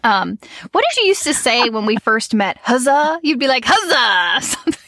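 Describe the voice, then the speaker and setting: A woman's voice: a little high, big pitch swings, a little fast, a bit bright, no room sound, studio quality. A woman co-hosting a podcast, chatting casually with many fillers and frequent laughs, and reading an ad in the same easy way. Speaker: podcast co-host. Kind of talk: casual podcast chat with ad read.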